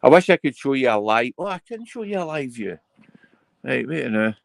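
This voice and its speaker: A man's voice: medium pitch, big pitch swings, brisk, gravelly, no echo. A Scottish man hosting a casual live chat stream, telling his callers off now and then. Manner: chatty, scolds callers. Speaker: livestream host.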